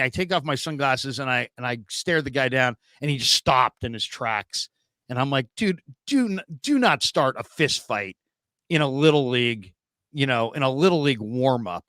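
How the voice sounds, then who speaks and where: A man in his forties hosting a casual sports talk show, telling stories with lively acted-out quotes. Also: medium pitch, dry recording. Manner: animated storyteller, acts out quoted people. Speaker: show host. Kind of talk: casual sports podcast chat.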